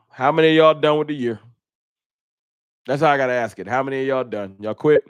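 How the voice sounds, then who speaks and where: A man's voice: mid-range voice, normal speed, clean tone, no room sound, dull audio. A man hosting a casual fan livestream, reading super chats and venting with frustration and bursts of laughter. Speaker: fan channel host.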